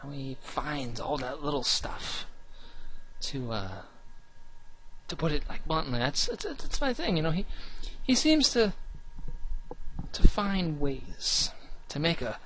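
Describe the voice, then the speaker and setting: A young man with a slightly high voice, talking casually about his gaming channel. He rambles, restarts often and puts himself down. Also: big pitch swings, slow pace, fairly bright tone, slight background noise. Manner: rambling, restarts often, earnest and self-deprecating.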